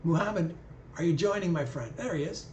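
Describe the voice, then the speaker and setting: A man's voice: a little high, brisk, darkish tone, highs cut off, slight background noise. A man hosting a live video call with callers, talking in an easygoing, conversational way. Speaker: livestream host. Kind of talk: casual live chat with callers. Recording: echoey room.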